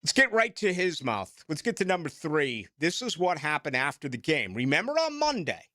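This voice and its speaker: A man's voice: a little high, huge pitch swings, normal speed, pushed and bright, dry recording, clean studio sound. A middle-aged man with a Boston accent, hosting late-night sports talk radio in a rambling, self-mocking way.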